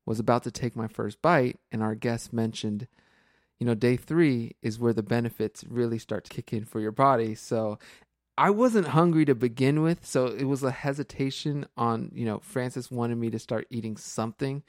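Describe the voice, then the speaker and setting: A man's voice: medium pitch, normal speed, no echo, clean studio sound. A man in his forties co-hosting a casual podcast, chatty and upbeat, laughing often. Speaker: podcast co-host.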